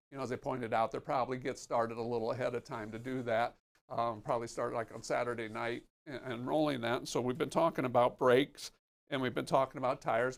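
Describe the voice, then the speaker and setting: A man's voice: medium pitch, vocal fry. A man hosting a company live stream's safety segment, talking in a folksy, plain-spoken, upbeat way.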